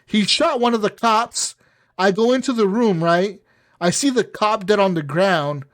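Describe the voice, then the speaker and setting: A young man co-hosting a casual gaming podcast, telling stories in an animated, profane way. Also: sits high, unhurried. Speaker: podcast co-host.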